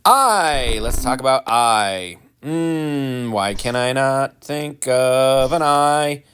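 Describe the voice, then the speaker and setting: A man giving casual, rambling commentary while playing a game, full of ums and restarts, with animated mock-indignant asides. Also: mid-range voice, drawn-out words, clear, resonant tone. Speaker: gaming channel host.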